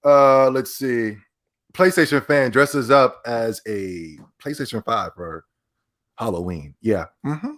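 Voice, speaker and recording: A young man hosting a gaming podcast, ranting in a mocking, giggly, excitable way. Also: mid-range voice, slow. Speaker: podcast host. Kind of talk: casual gaming podcast rant.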